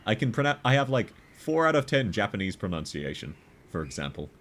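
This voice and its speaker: A man streaming a game, chatting casually with viewers and laughing often. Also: a little fast. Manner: chatty, laughs often, lively rises in pitch.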